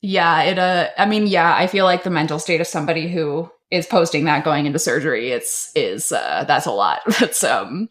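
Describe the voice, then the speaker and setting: A woman's voice: deep voice, expressive, normal speed, hardly any pauses, a bit bright. A young woman co-hosting a podcast, explaining things casually and teasing, laughing often. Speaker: podcast co-host. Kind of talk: casual comedic chat.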